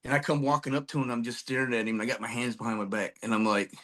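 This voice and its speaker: A man's voice: mid-range voice, racing, fairly bright tone. A middle-aged man, a former military trainer, telling rambling, profane stories with frequent laughs as a podcast guest. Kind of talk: casual storytelling chat.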